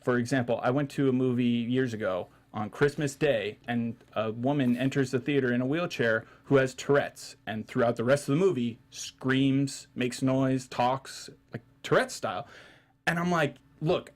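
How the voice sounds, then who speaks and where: A man's voice: mid-range voice, normal speed. A man hosting a podcast in a studio, ranting in casual chat, swearing and restarting his sentences. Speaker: podcast host.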